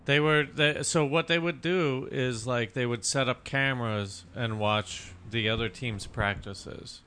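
A man co-hosting a podcast with a teasing, sarcastic edge. His voice is bright and tense at a middle pitch. He throws in profane jabs throughout the chat. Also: measured pace, clean tone. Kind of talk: casual chat.

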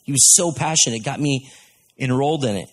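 A man preaching in a relaxed, chatty way, moving easily from point to point and leaning on homespun stories. His voice sits at an ordinary middle pitch, and he sounds like he is talking with the crowd rather than at it. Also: a little fast. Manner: folksy storytelling, conversational. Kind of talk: sermon.

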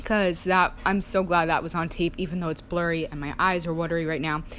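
A woman's voice: fairly low pitch, little pitch movement, fairly quick, a bit bright, a little hiss or hum. A young woman casually telling personal stories, chatty, saying "like" a lot and acting out family members' lines. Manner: chatty, heavy use of "like", acts out family voices. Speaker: storyteller sharing personal life.

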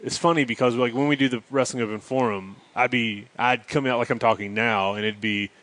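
A man's voice: mid-range voice, fairly even intonation, brisk, a bit bright, no room sound, low-quality recording. A man with a light Southern North Carolina accent hosting a casual podcast chat, loose and rambling, swearing freely. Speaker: podcast host.

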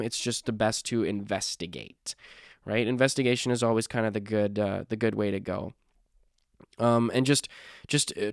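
Young male podcast host, casual monologue, rambling, smooth clear voice, dry close sound. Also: mid-range voice, no echo. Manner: rambling, self-correcting, apologetic asides.

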